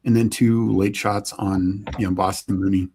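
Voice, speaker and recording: A man co-hosting a live stream, talking through picks in a measured, analytical way. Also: lowish voice, level tone, mellow, slight background noise. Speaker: podcast co-host. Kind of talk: casual live stream chat.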